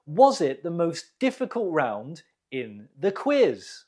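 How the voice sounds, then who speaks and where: Male english teacher, very slow delivery, lively pitch, quiz host. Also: breathy edge. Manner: slow, deliberate model pronunciation. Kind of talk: quiz lesson.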